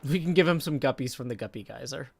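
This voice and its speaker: A tired man giving casual live game-stream commentary as a streamer, talking to himself and reading chat aloud with soft muttered asides. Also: mid-range voice, animated, fast, vocal fry, slightly rough.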